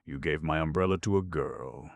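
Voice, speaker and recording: A man's voice: very deep voice, moderate pace, gravelly, no room sound. Pink-faced fussy young gent, exasperated and spluttering, voiced by a male narrator, dry close read. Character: flustered, indignant young man-about-town.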